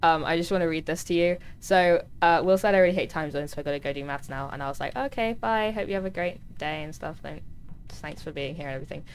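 Chatty woman streamer, slightly low voice. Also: fast, slight background noise. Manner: chatty, talks to chat, voice jumps high when touched. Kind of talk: casual gaming livestream chat.

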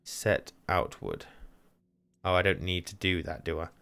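A young man running frantic solo commentary on a game, talking to himself and repeating words fast. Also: sits low, lively intonation, creaky, a bit bright, clean tone. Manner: panicky, talks to himself, repeats words rapidly. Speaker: gaming channel host.

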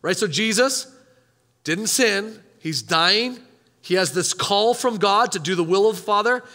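A man with a high, bright voice preaches a sermon to his congregation, casual in tone but emphatic. He keeps turning to the room with rhetorical questions. The sound has the long, ringing reverb of a church hall. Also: measured pace. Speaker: pastor.

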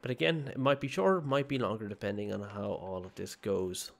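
A man's voice: fairly low pitch, fairly quick, creaky. A man hosting a gaming channel, giving casual, self-mocking commentary while playing a horror game at home. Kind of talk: let's play commentary. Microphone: desk mic with webcam.

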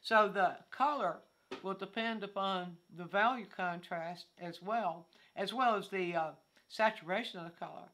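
A woman's voice: medium pitch, normal speed, a bit bright. An older woman teaching art informally outdoors, thinking aloud with frequent restarts and fillers as she explains. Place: outdoors among fallen leaves.

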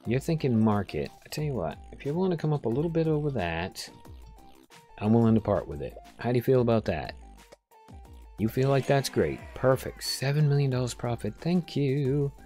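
A man's voice: mid-range voice, lively intonation, moderate pace, warm tone, soft background music. A man casually commenting on his own game play, joking, reading the customers' lines aloud and talking to himself. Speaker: gameplay video host. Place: home room during a rainstorm.

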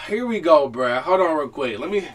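A young man reacting to a video on a stream, talking casually with slang and swearing, loud and excitable. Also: fairly high pitch, unhurried.

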